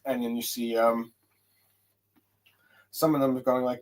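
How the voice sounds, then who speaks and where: Male manga reviewer, mid-pitched, halting and casual, lots of "um"s. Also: level tone. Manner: hesitant, many fillers and restarts while reading along. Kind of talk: casual solo chapter review.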